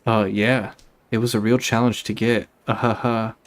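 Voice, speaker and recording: Guy reading a nervous young boyfriend, stammers a lot, lowish voice, game dialogue. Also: flat delivery, normal speed, natural voice. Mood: sheepish. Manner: stammering, sheepish.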